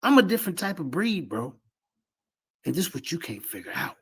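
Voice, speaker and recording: A man's voice: a little high, sing-song, fairly quick, fairly bright tone, slightly rough. A man streaming live commentary on debate clips, boasting and mocking his opponents while talking to his chat. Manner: boastful, mocking, repetitive, addresses chat as "y'all".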